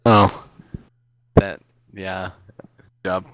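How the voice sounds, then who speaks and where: A man's voice: sits low, monotone, extremely slow, fairly bright tone, no echo. A young man reading out fan questions over voice chat and teasing his friend in a dry way. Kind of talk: casual voice-chat Q&A.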